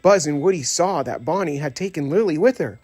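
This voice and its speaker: This audiobook narrator, a man, speaks a little fast in a high, slightly rough voice, reading a children's story aloud from a script. He tells it expressively, voicing all the characters, and the recording is dry.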